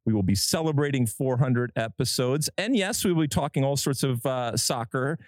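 A man hosts a podcast from a studio set, and his voice rides up and down with lots of expression. He talks in an emphatic, animated way. His pitch sits in the middle, and the room sounds dry and close. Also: normal speed, no room sound. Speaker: podcast host.

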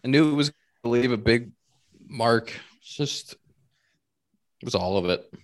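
A man in casual podcast chat, recounting stories with lively emphasis. He keeps circling back and repeating himself when he gets worked up. His voice sits at an ordinary middle pitch. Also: unhurried. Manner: animated storytelling, repeats words for emphasis. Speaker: podcast co-host, pro baseball player.

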